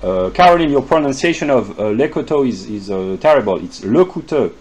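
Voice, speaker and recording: A man giving an unscripted lecture, pausing often with fillers and restarting his sentences. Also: on the low side, very animated. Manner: halting, many fillers and restarts. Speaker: lecturer explaining a chart.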